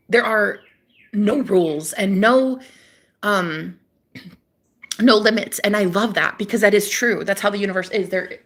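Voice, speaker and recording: A young woman with a bright, forceful voice talks straight to her viewers about spirituality. Her delivery is emphatic and preachy, with casual swearing and pet names like baby. It sounds like an unscripted vlog. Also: medium pitch. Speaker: spiritual channel host. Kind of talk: casual spiritual talk to camera.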